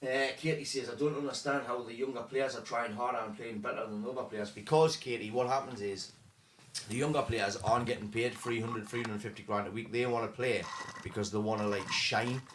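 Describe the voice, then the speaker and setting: A man's voice: medium pitch, fairly even intonation, brisk, a bit bright, a little hiss or hum. A man co-hosting a casual football podcast, chatting and reading out viewer comments. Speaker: podcast co-host.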